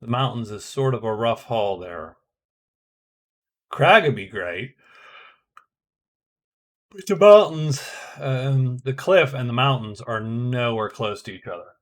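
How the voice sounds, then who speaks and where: A man's voice: mid-range voice, expressive, takes it slowly, long pauses. A middle-aged man casually narrating his own board game turns, thinking aloud with frequent hesitations and restarts. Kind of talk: casual solo game commentary.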